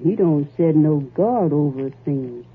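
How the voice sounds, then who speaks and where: An actress playing a bold, greedy young wife in a 1940s radio drama, with a drawling, taunting rural way of talking, on a tinny old radio broadcast. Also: female voice, low-pitched, lively intonation, unhurried, slightly rough, heavily acted. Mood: scheming.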